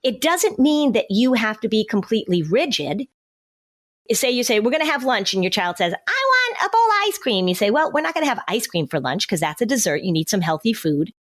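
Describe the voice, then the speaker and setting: A woman's voice: medium pitch, expressive, a little fast. A woman hosting a podcast, giving parenting advice in a conversational, explanatory way and acting out what a parent might say. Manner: explanatory, acts out parent and child lines.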